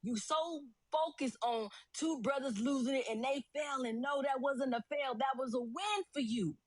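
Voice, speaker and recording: Woman preaching her point on a talk show, high voice, dry close sound. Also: normal speed, dry recording. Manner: preachy, impassioned, calls people brother. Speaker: guest commentator. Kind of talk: impassioned commentary.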